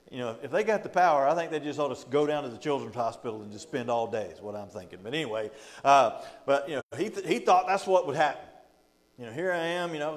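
A man teaching a Bible study as pastor, reading scripture aloud and retelling it in a folksy, joking way, often laughing between points. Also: a little high. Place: church. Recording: long hall reverb.

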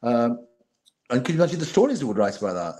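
A man's voice: medium pitch, sing-song, quick pace, dark tone. A middle-aged man, a former bodyguard, telling stories in an interview, acting out old conversations and often restarting his sentences. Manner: anecdotal, retells dialogue, frequent restarts. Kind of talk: storytelling interview.

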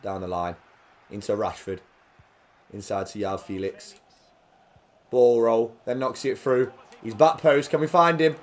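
A young man giving jokey live commentary on a football video game, dropping to quiet play-by-play and then bursting out loudly. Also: mid-range voice, measured pace, pauses often. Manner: jokey, swings between quiet play-by-play and loud excited outbursts. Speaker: gaming commentator.

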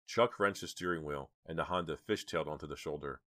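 A man narrating an audiobook with measured, dramatic storytelling. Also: a bass voice, pushed and bright, dry recording, clean studio sound. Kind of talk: audiobook reading.

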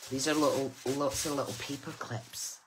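A woman's voice: a bass voice, fairly even intonation, moderate pace, a little hiss or hum, low-quality recording. A middle-aged woman, chatting casually and exclaiming with delight as she unboxes craft gifts. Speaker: craft channel host.

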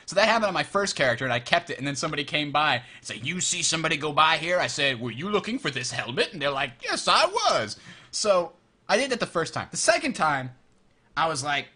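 A man co-hosting a casual gaming podcast, telling animated stories and acting out the lines he quotes. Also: a little high, quick pace, husky. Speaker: podcast co-host.

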